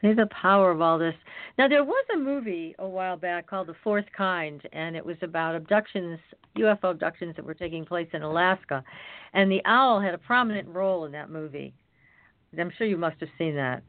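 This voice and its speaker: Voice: medium pitch, brisk, no room sound. A show host interviewing a guest, offering brief affirming reactions and then asking follow-up questions. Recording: tinny dry phone line.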